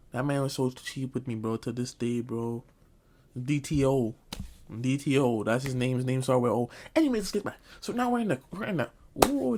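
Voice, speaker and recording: A man's voice: mid-range voice, darkish tone, slight background noise. A man telling a comic storytime, talking loosely in slang and saying bro a lot. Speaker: vlogger. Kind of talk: comedic storytime.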